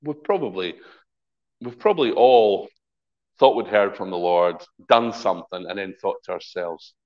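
A man's voice: sits low, moderate pace, lo-fi sound. A middle-aged man, a pastor, preaching a conversational sermon and acting out the voices in his stories. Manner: lively, conversational preaching with acted-out quotes.

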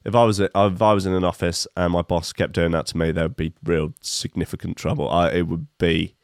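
A gravelly, low-voiced man in his fifties speaks briskly with little pitch movement, recorded dry in a clean studio. His casual comic news commentary mixes odd stories with wry, meandering asides and many fillers.

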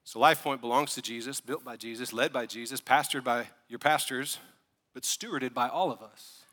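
A man preaching a sermon as pastor, animated and building to fired-up preaching with asides to the congregation. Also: mid-range voice, normal speed, big-room sound. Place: church sanctuary.

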